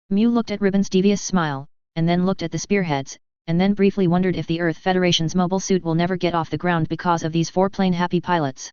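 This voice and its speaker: A woman narrating fan fiction in an even, plain reading style, on a dull, dry recording. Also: lowish voice, quick pace, few pauses, smooth, no echo.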